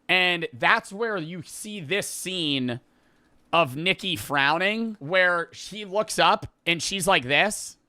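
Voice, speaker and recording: A man's voice: sits high, animated, slow, sharp tone, dry recording. A man casually recapping a movie plot, rambling and profane, laughing as he goes. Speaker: podcast host.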